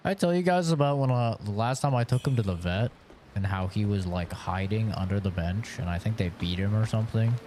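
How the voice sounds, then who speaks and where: A man's voice: fairly low pitch, fairly quick, mellow, a little hiss or hum. A young man streaming a game, telling rambling, profane stories in casual chat. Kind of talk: casual chat while gaming. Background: game music.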